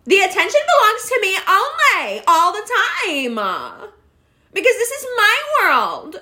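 A self-absorbed young woman who craves attention, put on by a woman, squealing in a very high voice. She gasps and whines in a mock-dramatic way, and her pitch swings wildly. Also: huge pitch swings, takes it slowly, pushed and bright, heavily acted. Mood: mock whining.

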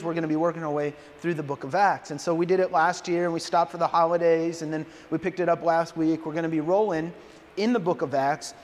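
A man in his thirties preaching as a pastor, telling a story in a lively, self-deprecating way. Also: a little high. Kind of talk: sermon with storytelling. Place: large church hall. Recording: reverberant hall, faint ambience.

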